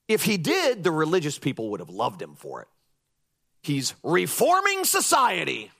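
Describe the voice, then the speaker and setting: With a high, gravelly voice that has a breathy edge, a male preacher delivers a spirited sermon. He puts on mocking impressions of critics and presses each point forcefully.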